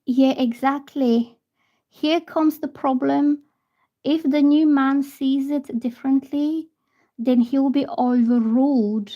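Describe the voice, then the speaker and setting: Woman livestream tarot reader, bluntly animated, higher voice, dry close sound. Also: slow, no room sound, lo-fi sound. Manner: blunt, animated storytelling with acted quotes. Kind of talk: casual livestream chat. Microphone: phone or laptop.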